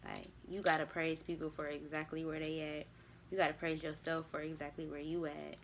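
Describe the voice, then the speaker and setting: A woman's voice: deep voice, very animated, fairly quick, creaky, background noise. A young woman, talking candidly to herself on camera about spiritual growth, with casual swearing. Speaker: vlogger. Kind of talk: casual reflective monologue.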